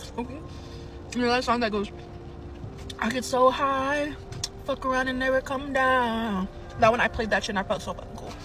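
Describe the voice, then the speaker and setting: A woman telling a personal story in a casual, animated way, swearing freely. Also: fairly high pitch, low-quality recording. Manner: animated, profane, swears often.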